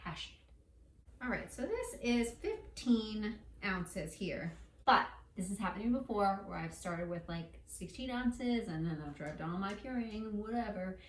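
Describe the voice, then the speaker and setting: In a casual cooking tutorial, a woman walks through a recipe in a chatty, playful way, even speaking to her dough as she works. She talks at a normal speed in a mid-range voice with lively intonation, recorded from afar in an echoey kitchen.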